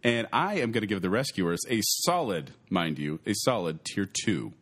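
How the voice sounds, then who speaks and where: A man's voice: lowish voice, normal speed. A man co-hosting a casual podcast, joking and bantering while ranking films. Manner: animated, joking, interrupts with running gags. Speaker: podcast co-host.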